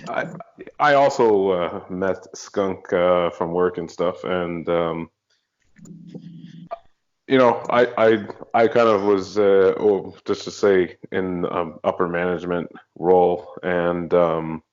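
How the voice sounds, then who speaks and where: A man co-hosting a podcast, speaking slowly and hesitantly with many fillers. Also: low-pitched, muffled recording. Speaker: podcast co-host. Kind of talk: casual chat.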